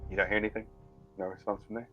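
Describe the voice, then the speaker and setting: Deep-voiced man narrating as game master. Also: racing, muffled recording, faint music behind. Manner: steady descriptive narration.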